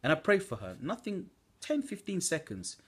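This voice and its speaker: A man's voice: a little high, huge pitch swings, normal speed, fairly bright tone, slightly rough. A young man giving an earnest preaching testimony from home at night, exhorting listeners with fillers. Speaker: church member giving a testimony.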